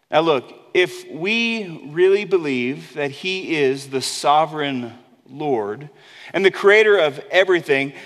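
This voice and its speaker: High-voiced man preaching in a reverberant hall. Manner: conversational preaching, drops low and soft on key words, acts out quoted voices. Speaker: pastor. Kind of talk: sermon.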